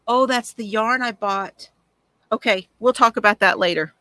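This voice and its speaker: A woman's voice: on the high side, normal speed, sharp tone. A woman hosting a casual crafting livestream, chatty and gushing as she answers viewer comments from home.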